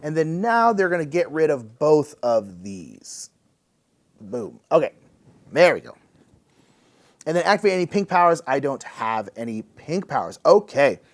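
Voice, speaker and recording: Guy hosting a board game play-through, chatty and upbeat, voice bouncing all over, kinda high. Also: big pitch swings, measured pace. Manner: chatty, thinks aloud while explaining rules; upbeat and playful. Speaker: board game channel host.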